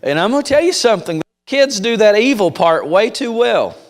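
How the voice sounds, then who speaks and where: A man's voice: high-pitched, expressive, moderate pace. Emphatic male preacher in a reverberant church. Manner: emphatic, storytelling, direct address to congregation. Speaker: revival preacher. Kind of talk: sermon. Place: church sanctuary.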